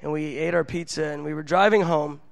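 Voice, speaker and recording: Animated, self-mocking male preacher. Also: a little high, a little fast, vocal fry, no room sound. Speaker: pastor. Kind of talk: storytelling sermon.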